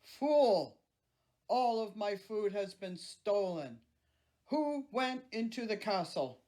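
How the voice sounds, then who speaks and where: A woman voicing a greedy, grumpy male giant with a gruff, booming voice. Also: expressive, slow pace, warm tone. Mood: raging.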